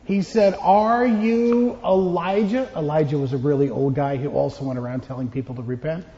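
A man's voice: mid-range voice, quick pace, dark tone, in a large hall, dull audio. A man giving a children's sermon as pastor, playful and joking with the kids. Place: church.

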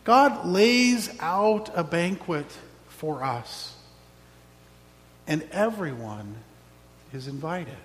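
A man's voice: a little high, expressive, drawn-out words, pauses often, big-room sound. A man preaching a sermon as pastor, reflective with wry asides.

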